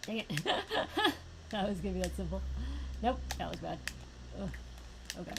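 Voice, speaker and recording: Excitable young woman streaming gameplay. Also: mid-range voice, moderate pace, vocal fry, noisy background. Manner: excitable, yelps and laughs at the game. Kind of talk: live gameplay commentary.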